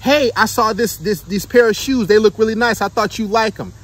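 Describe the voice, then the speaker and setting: A sweet, eager young girlfriend offering little gifts, as a man puts her on, her voice lifted a touch higher than his own and husky. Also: a little fast, fairly bright tone, recorded from a distance.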